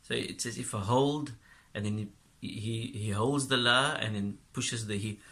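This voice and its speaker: A man teaching a lesson, explaining in short halting phrases with frequent pauses and fillers. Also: fairly low pitch, bright, forceful tone.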